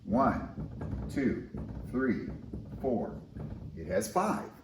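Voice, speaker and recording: A man teaching chemistry in a lively, conversational, enthusiastic way, in a recorded classroom lesson. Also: mid-range voice, extremely slow, roomy sound, noisy background.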